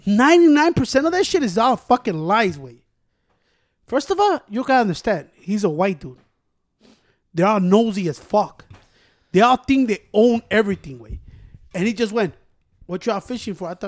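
A man, co-hosting a casual chat and telling stories in a profane, teasing, animated way. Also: sits high, brisk.

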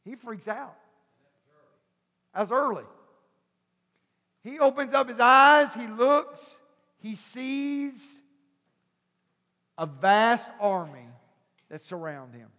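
A male pastor preaching a sermon, telling a story animatedly and acting out the characters before building to loud preaching. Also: extremely high pitch, expressive, drawn-out words, long pauses. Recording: long hall reverb.

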